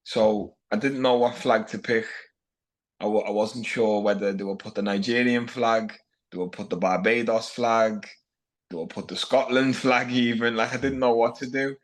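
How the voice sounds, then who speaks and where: A Liverpool fighter with a Scouse accent guests on a casual podcast, speaking at a moderate pace in a medium-pitched, steady voice. He's brash and blunt, and "lad" turns up in nearly every sentence.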